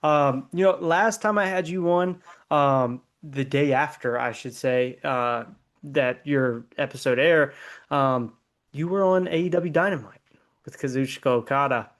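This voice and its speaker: A man's voice: medium pitch, unhurried. A man hosting a wrestling podcast, asking questions in an easygoing way with many ums. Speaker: podcast host. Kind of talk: interview hosting.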